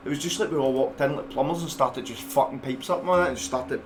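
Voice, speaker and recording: A man's voice: medium pitch, noisy background. A young Scottish man talking as a guest on a live stream, telling rambling, swearing stories. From Scotland. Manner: rapid, rambling, swearing storyteller. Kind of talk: casual live-stream chat.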